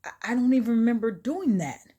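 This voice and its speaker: A woman voicing an older man, a father-in-law who speaks in halting apologies. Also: on the high side, expressive, mellow, breathy edge, pitched above the performer's own voice. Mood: remorseful.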